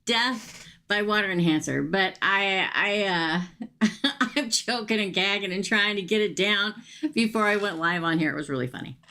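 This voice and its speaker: A woman's voice: mid-range voice, normal speed, pushed and bright. A middle-aged woman hosting a live-streamed tarot reading, chatty and emphatic, often checking in with her viewers. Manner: chatty and emphatic, frequent "okay?" asides.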